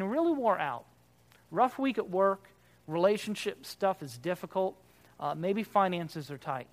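A pastor giving a conversational sermon, asking the listeners rhetorical questions and acting out the remarks that people make. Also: mid-range voice. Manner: acts out quoted remarks in character.

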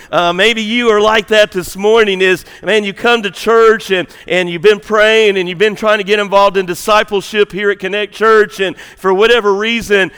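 A man preaching a sermon, swinging from loud to hushed in a folksy way. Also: high-pitched, clear, resonant tone, in a large hall. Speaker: pastor. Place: church sanctuary.

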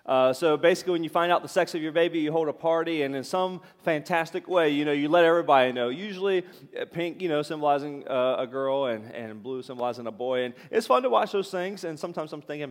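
A man's voice: a little high, fast. A middle-aged man, preaching a sermon in a loose, conversational way with many fillers and asides to the congregation. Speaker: pastor. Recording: reverberant hall.

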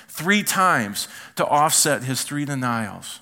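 Bright-voiced animated male preacher. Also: a little high, moderate pace. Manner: animated preaching, acts out quoted voices, drops to quiet asides. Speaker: pastor. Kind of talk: sermon.

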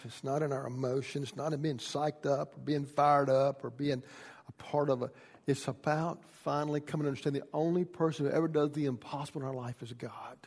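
A man preaching a sermon, shifting from quiet, folksy storytelling to loud, impassioned pleading. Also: mid-range voice, husky, in a large hall. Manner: builds from quiet teaching to shouted pleading. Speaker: pastor.

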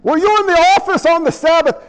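A man's voice: very high voice, quick pace, voice pushed up. A preacher voicing stern male temple elders who question and condemn a man, stiff and pompous. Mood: accusing. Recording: long reverb in a large hall.

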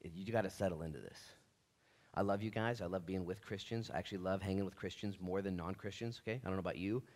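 A middle-aged male pastor preaching a sermon in a lively, animated way, acting out the voices of people in the story. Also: deep voice, fast talker.

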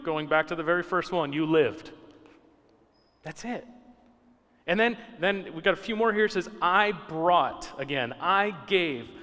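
A man's voice: sits high, sharp tone, long reverb tail. A man preaching a conversational, teaching sermon, repeating key words for emphasis. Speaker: pastor.

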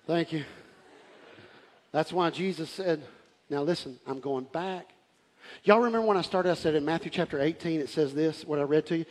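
A man preaching a fervent sermon. He often shouts and laughs as he preaches. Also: on the high side, moderate pace, pauses often. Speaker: pastor. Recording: live church hall with reverb and faint crowd.

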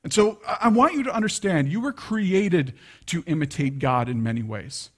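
A man's voice: fairly high pitch, expressive, normal speed, husky. Conversational man preaching a sermon. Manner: conversational, many restarts and asides. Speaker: pastor.

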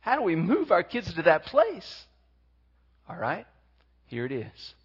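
Guy preaching a sermon, bit high voice, dull lo-fi sound, reads verses slow then gets fired up. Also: huge pitch swings, breathy edge. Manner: reads scripture slowly, then preaches with rising energy. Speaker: pastor.

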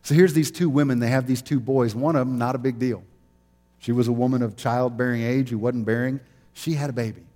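A man's voice: medium pitch, fairly even intonation, a little fast, warm tone, big-room sound. A man preaching a sermon in a conversational storytelling way, with easy laughs. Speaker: pastor.

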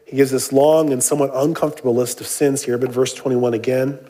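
Speaking fast with a warm tone and fairly even intonation, a man in a mid-range voice preaches a sermon as a pastor. He reads scripture aloud, then explains it in a relaxed way, dropping in jokes and plenty of "uh" and "um."

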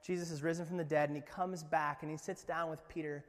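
A man preaching with fervent conviction, his slightly high voice swelling to booming peaks and dropping to near-whispers. The long reverb of a church hall trails after every phrase. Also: level tone, fast talker. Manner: dramatic swings from booming to hushed; earnest, impassioned preaching. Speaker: pastor. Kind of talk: sermon.

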